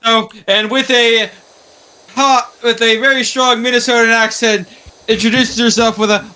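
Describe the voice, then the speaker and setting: Brief: young guy in a gaming chat, bright high voice, tumbling restarts and casual cursing. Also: flat delivery, moderate pace, clear, resonant tone. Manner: rambling, many restarts, swearing.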